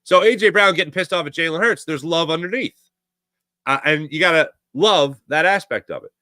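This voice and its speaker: A man's voice: a little high, normal speed, pushed and bright, no room sound. A middle-aged man from the Philadelphia area with a slight Philly accent, hosting a casual sports talk monologue in a rambling, conversational way full of fillers and restarts. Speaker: sports podcast host.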